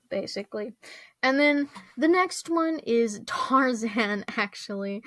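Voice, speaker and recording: A woman's voice: fairly high pitch, a bit bright, no echo. A young adult woman chatting casually as a vlogger, rambling with lots of fillers and frequent giggles. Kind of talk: casual chat.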